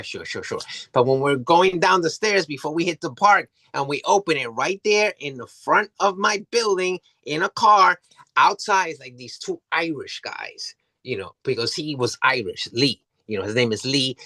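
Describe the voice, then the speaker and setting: A man's voice: a little high, pushed and bright, no echo. A man telling a story as an interview guest, rambling, restarting often and swearing freely. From New York City.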